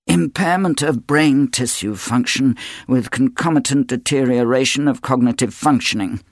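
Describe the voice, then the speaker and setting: A man's voice: medium pitch, normal speed, dry recording, clean studio sound, close to an everyday voice. A man voicing a harried family doctor who mutters clinical terms.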